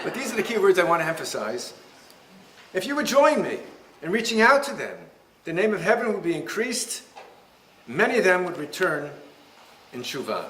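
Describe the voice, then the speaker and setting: A man, a rabbi, giving a lecture and telling stories in an animated, humorous way. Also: sits high, normal speed, slight background noise. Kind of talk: lecture with storytelling. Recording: roomy hall echo.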